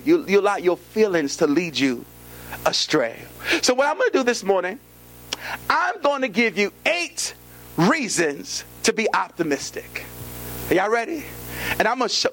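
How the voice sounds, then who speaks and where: A man's voice: sits high, fairly bright tone, slight background noise. A male pastor preaching a sermon in an emphatic, repetitive call-and-response style, with features.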